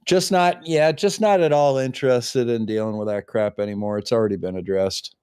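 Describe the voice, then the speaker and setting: A man's voice: mid-range voice, fairly quick, a little mellow, smooth. A man on a debate panel making dry, dismissive remarks in casual talk. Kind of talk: casual discussion.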